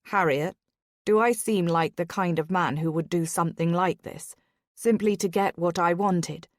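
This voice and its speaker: A woman voicing a calm, arrogant young nobleman. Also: normal speed, no room sound, studio quality, lightly acted. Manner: low, quiet and even.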